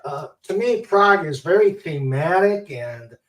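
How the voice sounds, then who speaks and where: A man hosting a casual podcast chat, halting and searching for words. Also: high-pitched, animated, a bit bright. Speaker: host. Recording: roomy, distant mic.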